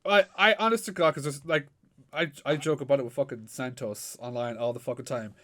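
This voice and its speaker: A man co-hosting a casual wrestling podcast, animated and sweary with plenty of fillers. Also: mid-range voice, a little fast. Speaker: podcast co-host. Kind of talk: casual chat.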